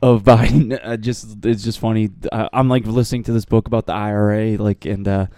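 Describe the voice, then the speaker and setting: A man co-hosting a podcast, chatting casually and telling animated, profane stories. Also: lowish voice, fairly quick, smooth, no room sound. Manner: profane, animated storytelling with quoted voices. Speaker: podcast co-host. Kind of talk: casual chat.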